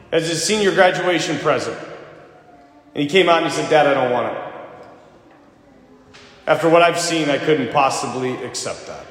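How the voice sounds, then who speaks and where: A priest giving an emphatic sermon, telling stories and asking rhetorical questions in a church. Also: male voice, sits high, fairly bright tone. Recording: echoey church with long reverb.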